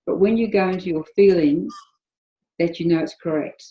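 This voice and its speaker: A woman's voice: fairly low pitch, moderate pace, highs cut off. A woman hosting an interview, affirming her guest and stepping in with her own thoughts. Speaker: interview host. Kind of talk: casual interview chat. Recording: roomy echo.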